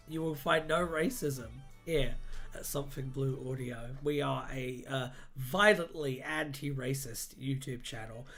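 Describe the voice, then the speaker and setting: A man hosting a livestream, chatting casually and reading aloud, irreverent and quick to swear and laugh. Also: mid-range voice, fairly bright tone, faint music behind. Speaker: livestream host.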